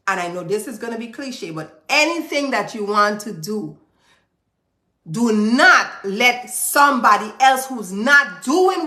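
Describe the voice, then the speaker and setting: Woman, motivational vlog talk, emphatic, repetitive, bright voice, echoey room. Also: fairly high pitch. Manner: emphatic, preachy, repeats phrases for stress. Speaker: business owner giving motivational advice.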